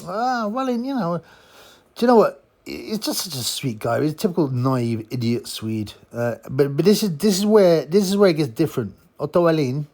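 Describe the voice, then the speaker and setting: A man's voice: a little high, very animated, normal speed, a little mellow. A man giving a blunt, mocking, casual monologue as a boxing commentator. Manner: blunt, mocking, chuckling asides.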